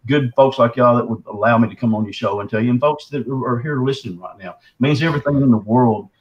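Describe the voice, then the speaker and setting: Fast-talking man, folksy storyteller. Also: medium pitch, dull audio. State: sore throat. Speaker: guest. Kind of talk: casual storytelling.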